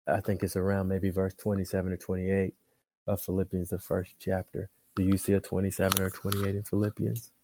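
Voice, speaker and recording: A man preaching a sermon, moving between booming, drawn-out proclamations and quiet conversational asides, often repeating words and restarting. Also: completely flat delivery, background noise.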